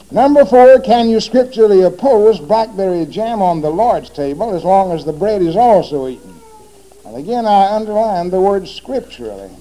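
A man's voice: high-pitched, dark tone, rough recording. A man giving a formal religious debate speech, pressing his opponent with repeated rhetorical questions.

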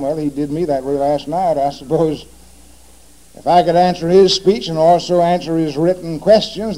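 Guy in a church debate, high mellow voice, keeps hammering the same question at the other side. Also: rough recording. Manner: emphatic, hammering repeated rhetorical questions at his opponent. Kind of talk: formal religious debate speech.

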